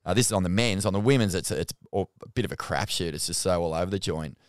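Man, low-pitched, smooth, dry close sound, casual and excitable. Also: fast talker, no echo. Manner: excitable, swears freely. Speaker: podcast co-host. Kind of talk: casual chat.

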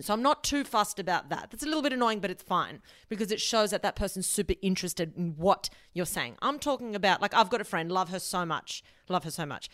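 A woman's voice: mid-range voice, fairly bright tone, no echo, clean studio sound. A young woman hosting a solo advice podcast, talking bluntly and emphatically and swearing casually. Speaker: podcast host.

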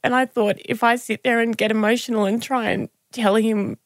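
Woman in her thirties, podcast guest; gravelly edge, dry close sound, reflective and halting. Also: fairly high pitch, steady tone, dry recording. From Australia. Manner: reflective, halting, with frequent restarts. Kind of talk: candid conversational interview.

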